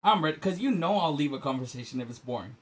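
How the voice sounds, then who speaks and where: A man co-hosting a casual podcast chat, teasing his friend and shooting up to a high excited pitch when he argues. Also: quick pace, breathy edge. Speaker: podcast co-host.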